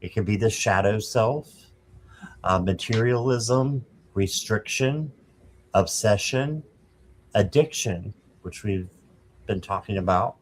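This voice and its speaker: A man co-hosting a tarot show, casually talking through card meanings with relaxed hesitations. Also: on the low side, takes it slowly, a little hiss or hum, low-quality recording. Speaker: tarot co-host. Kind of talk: casual chat.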